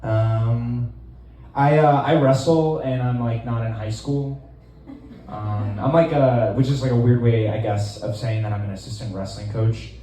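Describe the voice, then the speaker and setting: A man in his twenties doing a stand-up set in a small club, deadpan and rambling, with lots of fillers. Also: medium pitch, unhurried, very echoey, distant mic, soft background music, poor audio. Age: 20s. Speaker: stand-up comedian.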